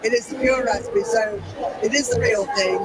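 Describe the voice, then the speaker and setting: A woman baker being interviewed at a busy baking show, animated and laughing, her voice going hoarse with a cough. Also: a little high, normal speed. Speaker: guest baker. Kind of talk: chatty interview at a live show. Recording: loud crowd at a busy show. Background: crowd chatter and noise.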